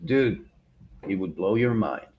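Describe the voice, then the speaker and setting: A man co-hosting a podcast, chatting casually in an animated, rambling way, often restarting his sentences and laughing. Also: low-pitched, slow pace, muffled recording. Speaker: podcast co-host. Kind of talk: casual chat.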